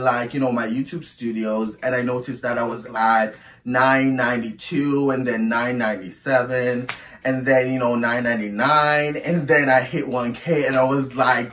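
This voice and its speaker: A storytime YouTuber with a medium-pitched voice talks expressively to his viewers in a casual monologue, calling them "girl" as he chats. He sits away from the mic, so the recording has a roomy echo.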